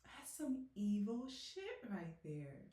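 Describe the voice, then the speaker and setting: Loud, cursing woman reacting to a film. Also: medium pitch, wildly swooping pitch, slow. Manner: loud, exclaiming, heavy cursing. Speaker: movie reaction channel host. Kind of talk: emotional movie reaction commentary. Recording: roomy echoey room.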